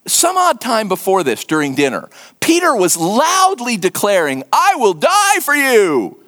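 A man preaching a sermon in an earnest, emphatic way, sometimes dropping to a hushed voice and repeating words for stress. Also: high voice, wildly swooping pitch, measured pace. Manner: repeats words and restarts when stressing a point. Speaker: pastor.

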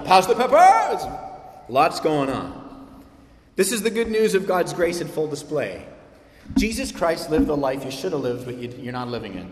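A man preaching with slightly raised pitch and lots of drive. He swings between loud, punchy lines and hushed asides. The sound rings through a large, roomy hall with a long tail. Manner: animated, swings from loud emphasis to quiet asides. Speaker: pastor. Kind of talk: sermon.

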